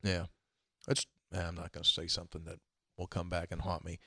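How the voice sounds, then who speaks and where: A man hosting a casual sports chat, telling stories in an animated way and chuckling as he mimics the people he quotes. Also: brisk, gravelly, breathy edge, no echo, clean studio sound. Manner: animated, acts out quoted voices with big jumps in pitch; chuckles often while telling a story. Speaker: podcast host.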